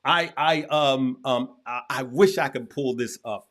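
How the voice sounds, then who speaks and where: A man's voice: medium pitch, measured pace, fairly bright tone. A man hosting a livestream in casual chat, talking emphatically and repeating himself, with heartfelt, preacher-like encouragement. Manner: emphatic and repetitive, with frequent restarts. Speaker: host.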